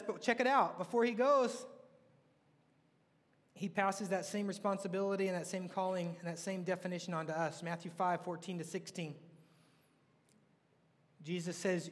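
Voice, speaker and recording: High-voiced man preaching in a reverberant hall. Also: a little fast, long pauses. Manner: animated, asks the audience questions. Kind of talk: sermon.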